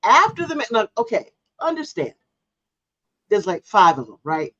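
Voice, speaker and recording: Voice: mid-range voice, sing-song, normal speed, a bit bright, no echo, dull audio. A podcast co-host in casual chat, telling a story and arguing her point with emphatic disbelief.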